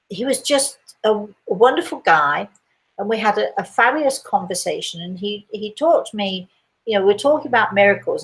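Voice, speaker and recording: An older woman speaking as a spiritual medium, answering listener questions in a gentle, rambling chat full of fillers and restarts. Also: on the low side, low-quality recording. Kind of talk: casual live chat.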